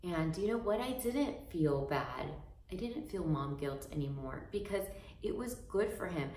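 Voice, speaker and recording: Woman coach, earnest and encouraging, lowish voice, rambling talk; roomy, distant mic. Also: slight background noise. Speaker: fitness coach and business owner. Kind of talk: motivational talk to camera. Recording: roomy echo, mic far off.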